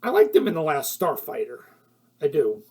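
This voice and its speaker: This man's voice sits a little high, with huge pitch swings, a darkish tone and a breathy edge, at a normal speed. He's giving a casual, rambling spoken film review packed with fillers and self-corrections, laughing at his own points and getting heated when annoyed.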